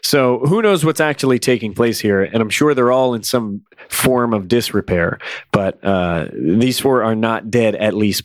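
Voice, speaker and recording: A man's voice: on the low side, no room sound, studio quality. A man co-hosting a podcast, chatting enthusiastically about a comic book issue. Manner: enthusiastic, conversational, uses fillers. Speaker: podcast co-host. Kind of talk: casual comic book discussion.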